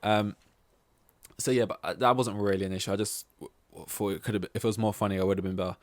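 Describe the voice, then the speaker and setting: A man's voice: lowish voice, fairly even intonation, fast, dry recording. A man hosting a solo podcast in casual chat. He rambles, swears freely and loses his train of thought. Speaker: podcast host.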